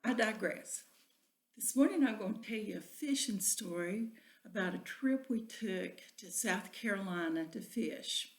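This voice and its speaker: A woman telling a folksy spoken story, often dropping into a breathy whisper. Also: mid-range voice, expressive, measured pace. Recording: echoey room.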